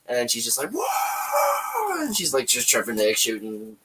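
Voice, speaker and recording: A man's voice: medium pitch, lively intonation, recorded from a distance, background noise. A man hosting a podcast who casually reviews a movie, rambling through scenes with filler and restarts. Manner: rambling, retells scenes with quick put-on voices. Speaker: podcast host.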